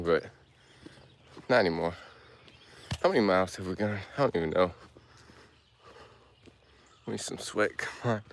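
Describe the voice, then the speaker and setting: A man chats casually to his stream while walking a hilly trail outdoors. His voice sits fairly low and he talks slowly. His speech rambles with fillers and slurs a bit at the edges. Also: a little hiss or hum. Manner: rambling, loose, heavy on filler words. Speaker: livestream host.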